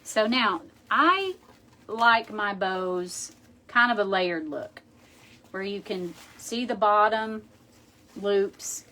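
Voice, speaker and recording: A woman's voice: medium pitch, animated, slow, pushed and bright. A woman hosting a craft tutorial, chatting casually and thinking aloud as she works. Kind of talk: casual how-to demonstration.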